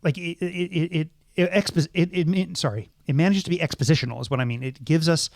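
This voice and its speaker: A man's voice: fairly high pitch, steady tone, fast, creaky, no echo, studio quality. A middle-aged man and podcast co-host, talking through films thoughtfully, with many ums and restarts. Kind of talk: casual film discussion.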